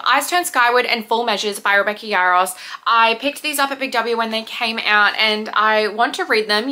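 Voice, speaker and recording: Young woman, bright voice, fairly high, chatty, rambling, self-deprecating vlog talk. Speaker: book vlogger. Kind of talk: casual chat to camera.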